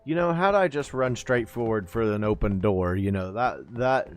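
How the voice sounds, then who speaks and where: A man's voice: lowish voice, moderate pace. A man streaming a game, chatting casually and joking at his own expense. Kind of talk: casual live-stream chat while playing.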